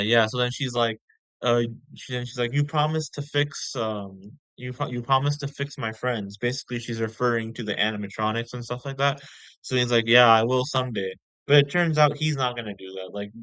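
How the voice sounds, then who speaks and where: A man's voice: medium pitch, a bit bright, clean tone, no echo, low-quality recording. A man giving a casual spoken movie review, rambling and slangy, full of fillers like "bro".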